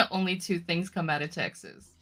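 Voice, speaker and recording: A woman's voice: on the low side, big pitch swings, moderate pace, faint music behind. A woman co-hosting a casual talk show who laughs often while reading viewer comments aloud. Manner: giggly, reads chat comments aloud. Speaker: co-host. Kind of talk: casual chat.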